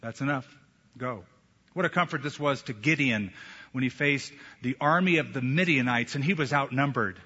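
A man preaching a sermon as a pastor, emphatic, with slow deliberate pauses. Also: medium pitch, pushed and bright, breathy edge. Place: church sanctuary. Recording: echoey hall, dull lo-fi sound.

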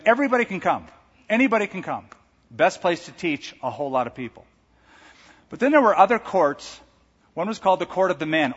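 A man preaching a sermon as pastor, emphatic, swinging from quiet to loud, with joking asides. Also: on the high side. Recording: dull sound in a large reverberant hall.

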